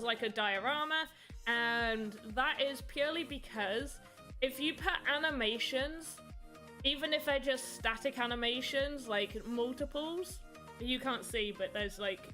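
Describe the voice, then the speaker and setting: A woman's voice: on the high side, bright, forceful tone. A woman with a British accent chatting casually on a livestream. She rambles a little while answering her chat. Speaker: livestreamer making voxel art.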